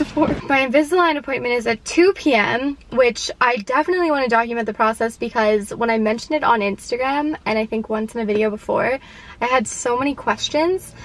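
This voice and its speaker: High-voiced chatty woman in her twenties. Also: slight background noise. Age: 20s. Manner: chatty, with frequent "like" fillers. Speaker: vlogger. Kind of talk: casual vlog chat.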